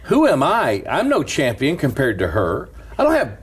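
A middle-aged man, a pastor, telling a story in an animated, preacher-like way and laughing as he goes. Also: mid-range voice, normal speed, breathy edge. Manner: lively, laughs through stories, preacher's cadence.

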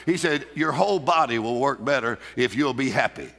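A man's voice: mid-range voice, animated, brisk, gravelly, fairly bright tone. A man preaching a sermon in a church, emphatic and laughing often as he calls out to the congregation. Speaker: pastor. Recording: reverberant hall.

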